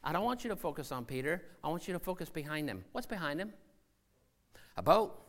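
Animated, bright-voiced male preacher. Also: on the high side, brisk. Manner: animated, acts out scenes and voices, swings from shouting to hushed. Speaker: missionary preacher. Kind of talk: sermon.

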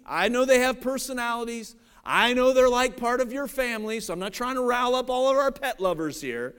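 A man's voice: extremely high pitch, fairly bright tone, clean tone. A man from Cincinnati, Ohio, preaching a sermon in a conversational, joking way and often checking that the audience follows along. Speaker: pastor.

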